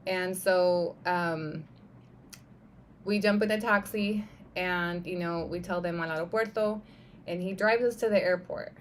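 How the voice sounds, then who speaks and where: A young woman on a live stream telling a personal story in a casual, animated way, with lots of "like" and "right?" and the odd swear word. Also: fairly low pitch, a little slow, slight background noise.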